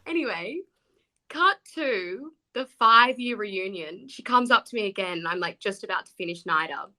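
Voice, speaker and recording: A woman in her twenties, a guest actor chatting on a podcast and telling animated stories with frequent laughs. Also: medium pitch, normal speed. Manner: animated storyteller, laughs often. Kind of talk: casual podcast chat.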